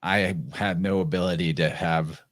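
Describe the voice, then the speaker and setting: A man's voice: low-pitched, fairly even intonation, normal speed. A man hosting a casual podcast talk, thoughtfully adding to his guest's points. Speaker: podcast host.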